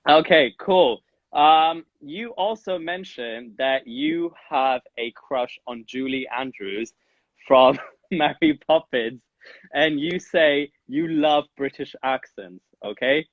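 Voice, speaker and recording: A man hosting a casual interview, asking teasing questions in a playful, excitable way. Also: fairly high pitch, slow, dry recording, phone-quality sound. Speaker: podcast host.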